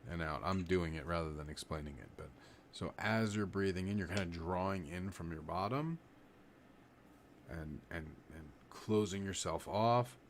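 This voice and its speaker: Very deep-voiced man teaching casually. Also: moderate pace, slight background noise. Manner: relaxed, rambling, demonstrates while talking. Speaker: livestream meditation teacher. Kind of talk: casual live-stream instruction.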